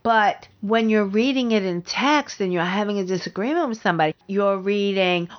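A middle-aged woman holds forth alone on her podcast in a blunt, opinionated way, hammering her points home by saying them twice. Her voice sits at an ordinary pitch for a woman. The recording is a little dull and lo-fi. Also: normal speed. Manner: emphatic, blunt, repeats points for stress. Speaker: podcast host. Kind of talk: opinionated solo podcast talk.

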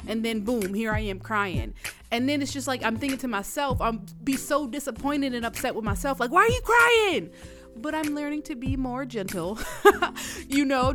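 A young woman hosting her own podcast, talking candidly and casually to her listeners, whom she calls y'all. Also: fairly high pitch. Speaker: podcast host. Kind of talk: casual solo podcast monologue.

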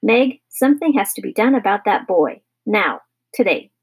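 A woman's voice: mid-range voice, expressive, moderate pace, slightly rough. A woman voicing a grumpy, fierce father who is fed up with his son in a storybook reading. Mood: exasperated. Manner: stern, exasperated, shouting.

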